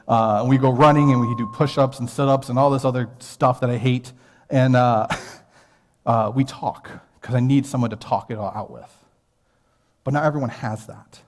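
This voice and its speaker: An American man in his thirties preaches from the pulpit and tells a personal story in an earnest, conversational way. His voice sits at an ordinary middle pitch. A long church-hall reverb trails after his words. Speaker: pastor. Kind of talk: sermon. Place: church sanctuary.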